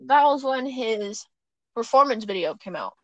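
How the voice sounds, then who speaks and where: A woman's voice: fairly high pitch, lively intonation, normal speed, fairly bright tone, no echo, lo-fi sound. A young woman chatting casually at home as a podcast co-host, rambling, giggling and correcting herself as she goes. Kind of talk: casual chat. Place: at home on her bed.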